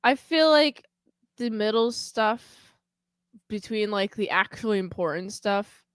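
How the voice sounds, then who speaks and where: A woman's voice: mid-range voice, animated, slow pace, smooth, dry recording. A woman co-hosting a podcast in casual chat, rambling and hedging with lots of filler words. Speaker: podcast co-host.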